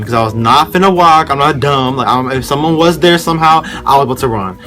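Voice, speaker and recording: A man's voice: medium pitch, lively intonation, fairly quick, few pauses, bright, forceful tone, faint music behind. A young man telling a story in a casual vlog, rambling and slangy as he talks straight to his viewers. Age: young adult.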